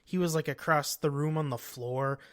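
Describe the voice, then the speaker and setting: A man co-hosting a podcast, telling stories in an animated, slangy, laughing way. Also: fairly high pitch, moderate pace. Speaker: podcast co-host. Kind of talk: casual storytelling chat.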